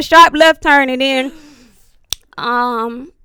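A woman telling a story in casual, profane chat, animated and laughing, acting out what people said. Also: high-pitched, normal speed, heavy background noise. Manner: animated, profane, laughs often, acts out quotes.

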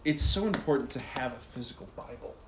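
A man's voice: medium pitch, lively intonation, a little fast. A man speaking as a priest, teaching about prayer in a casual, conversational way, often adding "like" and "right?" as he goes. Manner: conversational, many "like" and "right?" asides. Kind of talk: casual spiritual teaching talk. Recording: echoey room with faint background noise.

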